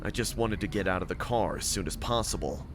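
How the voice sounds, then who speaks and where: Low-voiced man narrating a story. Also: fairly quick, background noise. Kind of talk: scripted first-person story narration. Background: music.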